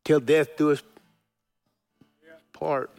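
Middle-aged pastor guy, folksy sermon story, kinda high voice, keeps restarting and chuckling. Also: little pitch movement, very slow, creaky, a little mellow, faint music behind.

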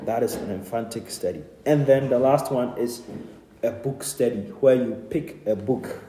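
A man's voice: medium pitch, moderate pace, mellow, a little hiss or hum. Man teaching a Bible study in a roomy hall. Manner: earnest teaching with repeated amens and light laughs. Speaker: pastor.

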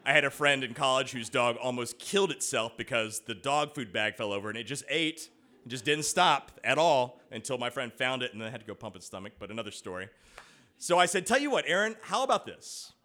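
A man's voice: medium pitch, a little fast. A man telling a personal anecdote to an audience, acting out the voices of the people in his story. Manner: animated storytelling, acts out quoted voices.

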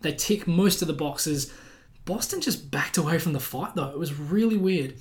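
A man's voice: on the high side, moderate pace. A man co-hosting a casual sports podcast, telling stories animatedly and laughing as he goes. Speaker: podcast co-host.

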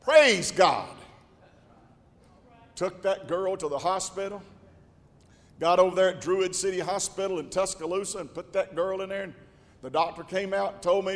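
An older man, pastoring and preaching a folksy storytelling sermon with a drawl that swells into shouting. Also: sits high, normal speed, long pauses. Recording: long church reverb.

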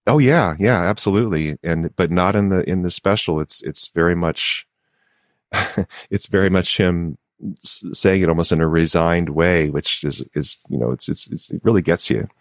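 Low-voiced male co-host, thoughtful and easygoing, dry studio sound. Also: moderate pace, no echo. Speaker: podcast co-host. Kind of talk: casual podcast discussion.

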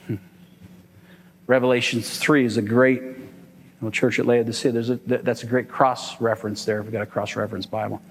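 A man's voice: mid-range voice, flat delivery, a little fast, long pauses, breathy edge. A man preaching a sermon to his church, emphatic and asking the congregation "amen?". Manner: emphatic, call-and-response, asks "amen?". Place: church hall. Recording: long hall reverb.

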